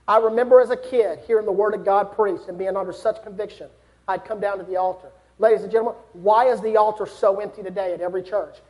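A young man delivers a sermon with an unusually high-pitched voice. He speaks earnestly and builds to fervent exhortation. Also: fairly even intonation, fast, a little mellow. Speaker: preacher.

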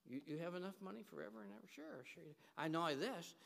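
A man preaching an emphatic sermon in a church, swinging between hushed and loud. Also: sits high, expressive, a little fast, gravelly. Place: church sanctuary. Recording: long hall reverb.

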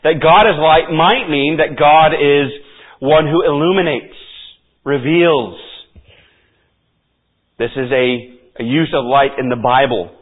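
A man's voice: fairly high pitch, slow, pauses often. A man preaching a sermon as pastor, emphatic and repeating key phrases for stress. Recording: tinny phone-like audio.

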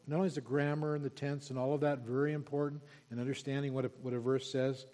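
A pastor preaching an expository sermon, emphatic and repeating key words for stress. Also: male voice, fairly high pitch, mellow. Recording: long reverb of a large hall.

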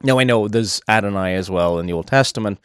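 A man's voice: on the low side, quick pace, fairly bright tone, clear, resonant tone, no echo. Conversational male preacher, dry sound. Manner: conversational, thinking aloud with asides. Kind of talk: sermon.

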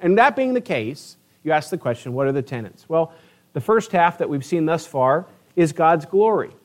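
A man's voice: fairly high pitch, very animated, normal speed, a little mellow. A man pastor preaching a sermon in a church, earnest and conversational, with frequent restarts. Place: church sanctuary.

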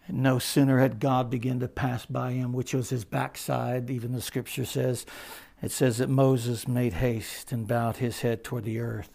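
A man preaching to his congregation in a gravelly voice. He sinks to quiet, drawn-out phrases and then climbs to loud, ringing emphasis. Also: medium pitch, steady tone. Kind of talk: sermon.

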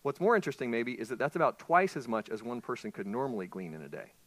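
A male pastor preaching a sermon in an animated way, asking the congregation questions. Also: medium pitch, quick pace, dry recording.

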